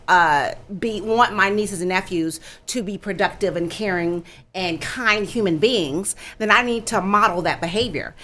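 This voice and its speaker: Woman guest, animated storyteller, bright voice, swooping pitch. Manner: animated, expressive storytelling, laughs easily. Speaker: guest, founder of a kindness campaign. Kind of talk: talk show interview.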